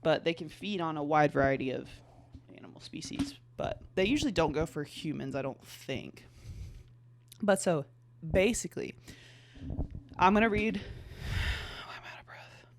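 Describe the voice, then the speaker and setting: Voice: mid-range voice, expressive, normal speed, pauses often, background noise. A young adult podcast host in casual chat, reading passages aloud, often stumbling and restarting and dropping in a lot of "like.".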